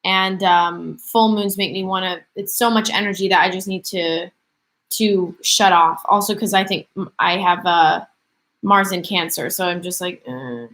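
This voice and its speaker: A woman's voice: medium pitch, fairly even intonation, measured pace, a bit bright. Young woman rambling on a livestream, chatty, lots of ums, answering chat. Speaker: livestream host.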